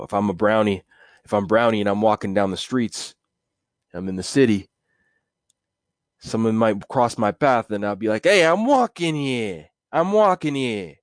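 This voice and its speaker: Hosting a casual solo podcast, a man rambles, corrects himself, and chuckles as he goes. His fairly low, creaky voice is captured in a dry, studio-quality recording.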